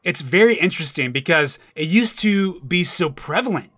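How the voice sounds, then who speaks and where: A man with a bright, fairly high voice co-hosting a laid-back podcast. He laughs easily and keeps the chat moving, and his voice sounds close and dry with no room echo. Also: lively intonation, moderate pace. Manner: easygoing, laughs often, steers the topic. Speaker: podcast co-host. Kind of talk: casual podcast banter.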